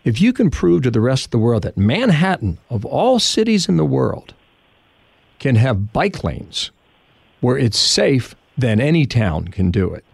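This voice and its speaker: A man hosting a podcast in a chatty, conversational way, with a gravelly edge. His pitch rises and falls a lot, and the sound is dry and close. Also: a little slow, no echo. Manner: lively, chatty, offers his own opinions. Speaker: podcast host.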